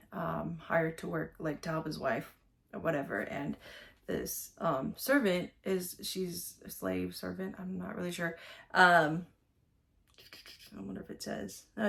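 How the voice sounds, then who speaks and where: A woman with a somewhat low voice shares thoughts on a scripture passage in an unpolished, conversational way. She rambles, circles back and leans on fillers as she goes. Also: vocal fry. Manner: rambling, with many fillers and restarts. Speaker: vlogger. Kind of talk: casual Bible reflection.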